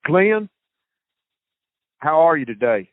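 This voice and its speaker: A man's voice: fairly high pitch, sing-song, slow, dry recording. A man with a Southern US accent hosting a casual podcast chat, folksy and prone to repeating himself. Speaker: podcast host. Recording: tinny phone-like line, dry.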